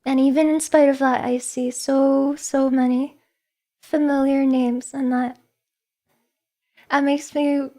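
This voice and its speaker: A woman's voice: high voice, level tone, slow, long pauses, dark tone. A woman VTuber chatting casually on a livestream, giggly, emotional and self-deprecating, nervous with shaking hands. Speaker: VTuber streamer.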